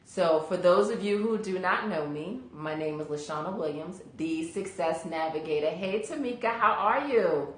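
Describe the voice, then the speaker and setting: A woman's voice: on the low side, normal speed, hardly any pauses, reverberant, a little hiss or hum. A woman career coach hosting a casual live stream, chatty and greeting viewers by name, sleepy from allergies.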